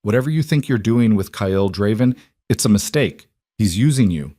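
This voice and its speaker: A man's voice: fairly low pitch, animated, normal speed, dark tone, no echo. Man voicing a stern society mother, cutting and cold, dry close sound; audiobook read. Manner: cutting, disapproving. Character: cold controlling wealthy mother, woman.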